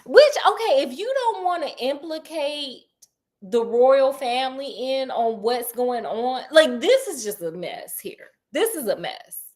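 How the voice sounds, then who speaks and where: A woman's voice: high-pitched, sing-song, unhurried, a little mellow. A woman retelling a story in a casual, chatty way, with digressions and laughing asides.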